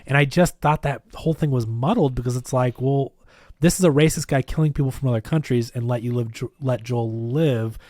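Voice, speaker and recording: A man co-hosting a film review show in casual chat, animated as he recaps scenes and argues his points. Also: medium pitch, fairly quick, no echo, studio quality. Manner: animated, acts out scenes with quoted voices. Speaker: film review podcast co-host. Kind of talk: casual movie discussion.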